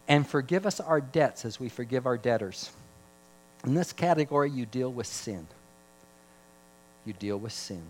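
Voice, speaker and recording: A man preaching a sermon as pastor, voice climbing for emphasis and dropping low for stories. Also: poor audio.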